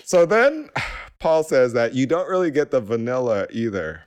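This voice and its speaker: A man's voice: mid-range voice, big pitch swings, normal speed. A man co-hosting a podcast in casual chat, who breaks into giggles mid-sentence. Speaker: podcast co-host.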